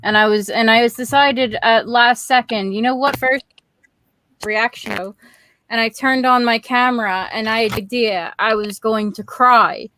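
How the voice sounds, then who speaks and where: A woman's voice: fairly high pitch, steady tone, measured pace, pushed and bright. A woman co-hosting a casual stream chat, candid and blunt. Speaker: stream co-host. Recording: faint background noise.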